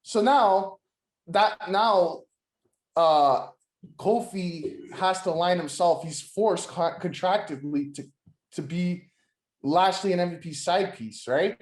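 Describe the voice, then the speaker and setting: A man's voice: high-pitched, slow pace. A man co-hosting a casual wrestling podcast, rambling with lots of "like" and restarts, acting out quotes and swearing. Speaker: podcast co-host. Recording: echoey room.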